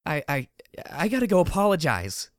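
A man's voice: fairly high pitch, big pitch swings, moderate pace, dry recording, clean studio sound, voice pushed up. A man voicing a flustered, impulsive young female pony who stammers. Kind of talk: audiobook character voice.

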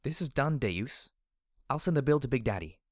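A man's voice: medium pitch, normal speed, no echo, studio quality, voice pushed up, lightly acted. A man voicing a firm, businesslike female pony shopkeeper in a read-aloud story. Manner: steady, businesslike. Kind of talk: audiobook character reading.

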